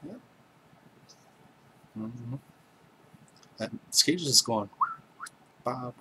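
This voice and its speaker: A man's voice: on the low side, moderate pace, background noise. Joking man chatting on a stream. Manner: chatty, joking, reads viewer names aloud. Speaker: livestream host. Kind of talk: casual chat with live viewers.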